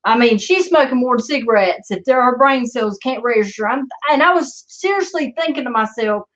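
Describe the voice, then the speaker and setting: A woman's voice: on the high side, lively intonation, normal speed. A woman telling a story in a rambling, sarcastic way and swearing often, in a slightly dull lo-fi recording. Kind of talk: casual storytelling vlog.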